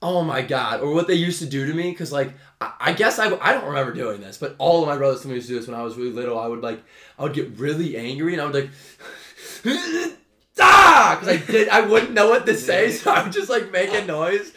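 A young man hosting a podcast in casual chat, excitable, swearing often and laughing through his stories. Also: a little high, quick pace. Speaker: podcast host. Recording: echoey room.

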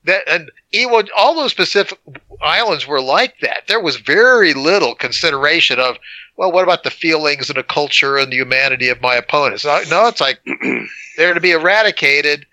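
Man, high, very bright voice, lively podcast co-host retelling film scenes with gusto. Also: brisk, no echo, low-quality recording. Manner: animated storyteller, acts out scenes. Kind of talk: casual movie review chat.

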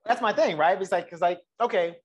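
A man co-hosting a casual chat about a TV episode, animated, laughing often and swearing freely. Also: high-pitched, brisk, slightly rough. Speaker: podcast co-host.

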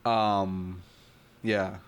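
A young man in casual chat, an animated storyteller who laughs and swears a lot. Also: low-pitched, drawn-out words, smooth, lo-fi sound. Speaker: podcast co-host.

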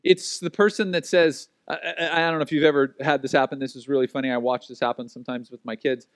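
A man preaching a sermon, telling stories with lively energy and acting out the voices of the people he quotes. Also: mid-range voice, fast, no room sound, clean studio sound. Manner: animated storytelling, acts out quoted voices. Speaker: pastor.

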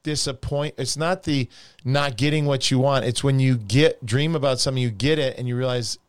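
A man in his fifties, a pastor co-hosting a casual faith conversation, talking in an animated way and acting out voices when he quotes people. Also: mid-range voice, moderate pace, clean tone, no echo, studio quality. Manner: animated, acts out imagined voices when quoting. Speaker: pastor and co-host.

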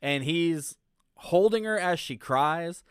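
A man's voice: on the high side, takes it slowly, clean tone. A man co-hosting a podcast, casually retelling a film and acting out its lines with a lot of swearing. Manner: animated retelling with acted quotes, frequent profanity. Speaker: podcast co-host. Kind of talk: casual movie discussion.

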